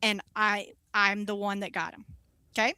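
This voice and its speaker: Bright-voiced woman telling a story. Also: mid-range voice, unhurried, clean tone, no echo. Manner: animated, swearing, acts out quoted voices. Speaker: guest, wax specialist. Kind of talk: casual storytelling chat.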